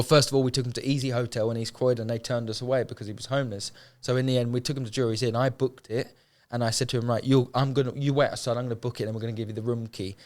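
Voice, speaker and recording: A young man who founded a homeless charity tells his story in an emotional podcast interview. His mid-range voice is a little mellow, and he speaks earnestly, heartfelt and colloquial, often repeating phrases for emphasis.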